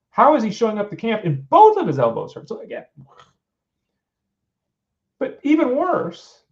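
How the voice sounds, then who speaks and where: A middle-aged man hosting a fantasy sports show, giving casual opinionated commentary in an exasperated tone full of rhetorical questions. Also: high voice. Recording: dull lo-fi sound.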